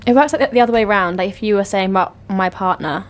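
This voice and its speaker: A woman co-hosting a podcast, giving practical advice in a brisk, casual way. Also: mid-range voice. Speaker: podcast co-host. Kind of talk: casual chat.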